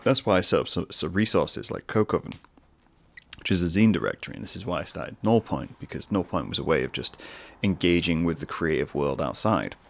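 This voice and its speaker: Low, gravelly man musing aloud. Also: expressive, fairly quick. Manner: rambling, musing, with self-mocking asides. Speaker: podcast host. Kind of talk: casual solo podcast monologue.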